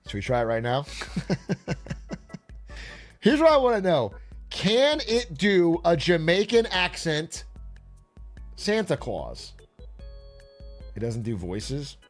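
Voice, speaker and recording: A man's voice: on the high side, wildly swooping pitch, slow pace, pauses often, soft background music. A man hosting a livestream, reacting in a casual, joking and profane way. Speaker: livestream host.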